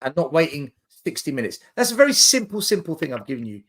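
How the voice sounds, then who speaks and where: Animated man breaking down football. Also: a little high, fast. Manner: animated, explains in numbered points. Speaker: podcast co-host. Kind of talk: casual football chat.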